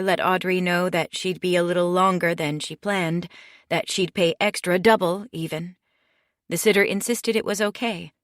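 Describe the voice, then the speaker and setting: A woman reading a mystery audiobook in steady, measured scripted narration. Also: on the low side, dry recording, clean studio sound.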